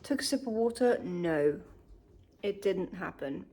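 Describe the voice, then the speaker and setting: A woman's voice: lowish voice, expressive, unhurried, background noise. A young woman chatting casually to camera in a vlog, candid and chatty with frequent swearing, while in pain. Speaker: vlogger.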